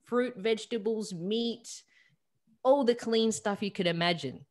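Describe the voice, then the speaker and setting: An Australian woman, a holistic coach, telling a personal story over a video call, lively and full of fillers. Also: on the high side, measured pace. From South Australia. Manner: animated retelling with acted-out quotes and many fillers. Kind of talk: storytelling in an interview.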